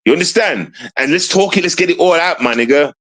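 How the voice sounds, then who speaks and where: A man's voice: a little high, animated, brisk, a bit bright, rough recording. A man hosting a live stream show, taunting and mocking someone with a stream of rhetorical questions and repeated call-outs to his audience. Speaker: show host.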